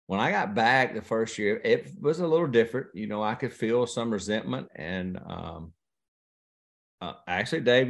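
His voice is gravelly and lowish. In a relaxed interview, this fifty-something professional fisherman spins folksy tales in a drawl, quoting the people in them as he goes.

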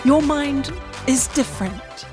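A woman reading aloud, voicing the conscious mind of a great ship, an ancient female being who speaks slowly and gently. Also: high-pitched, soft background music, voice pushed up. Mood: serene. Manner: slow, calm and gentle.

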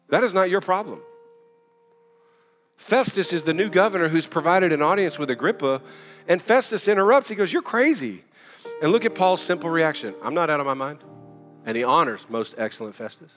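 Emphatic preacher man in a reverberant hall. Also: fairly high pitch. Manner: energetic, emphatic, conversational preaching. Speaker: pastor. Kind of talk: sermon.

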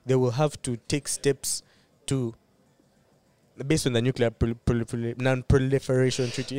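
A man's voice: medium pitch, warm tone. Casual man, podcast co-host, rambling banter with frequent laughs. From Uganda. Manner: loose, rambling, laughs often. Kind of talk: casual chat.

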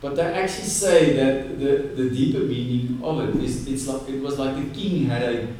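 Male preacher, animated storytelling, echoey room, mic set far off, faint hiss. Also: medium pitch, moderate pace. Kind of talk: sermon.

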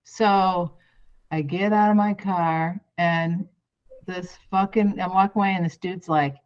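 A woman's voice: mid-range voice, moderate pace, highs cut off. Blunt, profane woman telling a story. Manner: blunt, profane, self-mocking. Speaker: podcast co-host. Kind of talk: casual storytelling.

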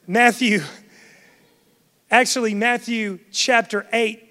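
A man's voice: extremely high pitch, flat delivery, slow, bright, forceful tone. A man preaching a sermon to a congregation, emphatic and swelling in force. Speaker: pastor. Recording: long hall reverb.

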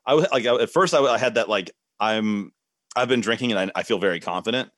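A man's voice: fairly low pitch, quick pace, a bit bright, no echo, studio quality. Laid-back rambling young man host. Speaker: podcast host. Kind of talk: casual chat.

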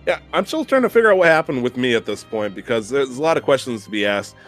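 A young man hosting a podcast, telling an animated, profane, self-mocking story in casual chat. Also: medium pitch, quick pace, soft background music. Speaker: podcast host.

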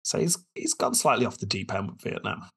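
A man's voice: lowish voice, big pitch swings, a little fast, gravelly, sharp tone, breathy edge. A man hosting a casual history podcast, telling the story with quotes and dry asides.

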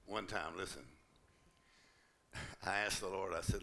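A male pastor preaching a sermon to a conference congregation, lively and humorous, acting out little quoted exchanges. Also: deep voice, a little slow, vocal fry, long pauses. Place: church conference.

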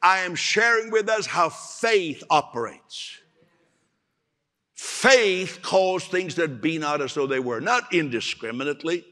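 A man preaching a sermon as pastor, animated, acting out voices and laughing often. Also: fairly high pitch, unhurried, long reverb tail.

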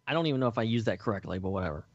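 Hesitant man with a lively podcast voice. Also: lowish voice, racing, slightly rough, no room sound, muffled recording. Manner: hesitant, lots of likes and restarts. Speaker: podcast co-host. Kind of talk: casual podcast chat.

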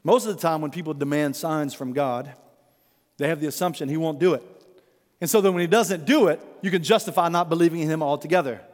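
A man's voice: fairly high pitch, quick pace, a little mellow, long reverb tail. A man preaching a sermon in a conversational way, calling his listeners friends. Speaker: pastor.

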